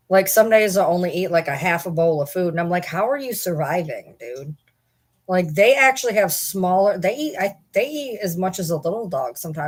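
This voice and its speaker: A woman's voice: on the low side, husky. A woman hosting a casual livestream, chatting and rambling to viewers and swearing casually. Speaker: livestream host.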